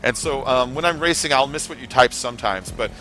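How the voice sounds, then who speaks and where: Man, game streamer, bright voice, rambling and chatty, faint music behind. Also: mid-range voice, a little fast. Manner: rambling, chatty, many fillers, talks straight to chat viewers. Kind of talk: casual live-stream commentary while racing.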